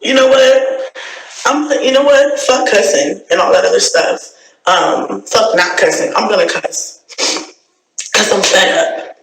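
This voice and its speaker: Woman, angry vlog rant, profane, repetitive, sharp bright voice. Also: mid-range voice, unhurried, vocal fry. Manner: profane, repetitive, fed-up venting. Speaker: YouTuber. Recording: roomy echo.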